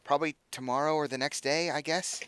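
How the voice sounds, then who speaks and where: A man voicing a weary, sardonic young female courtesan in a tabletop game, with a flat, dismissive drawl. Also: fairly high pitch, a little fast, smooth, no echo, voice pushed up, close to an everyday voice. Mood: bored, dismissive.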